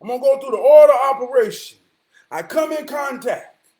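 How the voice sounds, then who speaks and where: A middle-aged man with a high-pitched voice tells a story straight to camera in a loose, casual monologue. He swings between loud, emphatic declarations and quiet, thoughtful asides. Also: expressive, a little fast. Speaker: vlogger.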